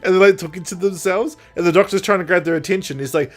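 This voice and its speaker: Male podcast co-host, higher voice, animated retelling, quick voices for each character; faint music bed. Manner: animated, acts out characters' lines with jumps in pitch and loudness. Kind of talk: casual chat recapping an audio drama.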